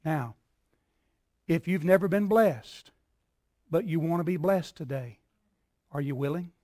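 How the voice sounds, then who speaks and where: A man preaching a sermon as pastor, building in repeated phrases and swinging from soft, low lines to loud cries. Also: unhurried, no room sound, studio quality. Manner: preaching with call-and-response rhythm, dropping soft then shouting.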